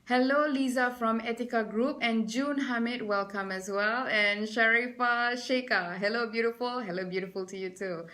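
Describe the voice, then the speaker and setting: Malaysian lady trainer doing a webinar talk, animated, keeps saying hi to people joining. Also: a little high, moderate pace, few pauses. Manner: lively, stops to greet viewers by name. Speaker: presentation skills trainer. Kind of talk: webinar lecture.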